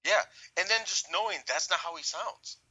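A man co-hosting a casual podcast, talking animatedly and doing quick voices when quoting people. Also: sits high, husky, highs cut off. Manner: animated, mimics voices in quoted bits. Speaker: podcast co-host. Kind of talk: casual wrestling talk.

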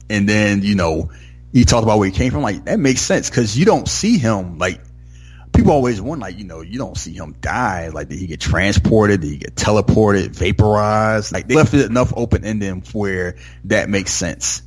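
A man's voice: lowish voice, lively intonation, normal speed, husky. A man chatting casually about a film he saw, rambling with lots of "like" and "you know", sometimes acting out the lines. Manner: enthusiastic, acts out movie lines. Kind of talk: casual movie discussion.

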